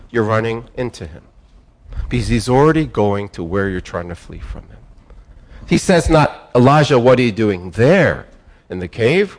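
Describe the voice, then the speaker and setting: A man preaching a sermon, building phrases up and dropping them low, pausing, repeating words and restarting himself. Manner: emphatic preaching, rising and falling with pauses. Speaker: pastor.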